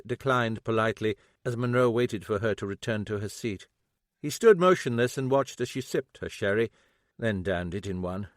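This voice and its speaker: A man narrating a mystery audiobook in a measured, expressive way. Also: lowish voice, no room sound, studio quality.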